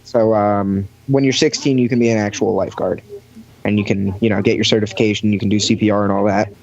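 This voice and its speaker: A young man on a podcast casually spins a long story about his lifeguard job, packed with fillers and acted-out voices for the people he quotes. His voice is on the low side, creaky and darkish, fast with fairly even intonation, recorded dry with a dull lo-fi sound.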